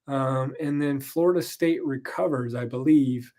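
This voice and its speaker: A man's voice: mid-range voice, measured pace, dark tone. Tired, rambling man recapping football. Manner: rambling, frank, swears, frequent ums. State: tired, yawning. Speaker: podcast host. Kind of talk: casual sports recap monologue.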